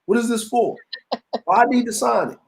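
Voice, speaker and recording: High-voiced, animated middle-aged man. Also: moderate pace, vocal fry, low-quality recording. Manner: animated, teasing storyteller. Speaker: podcast co-host. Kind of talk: casual chat.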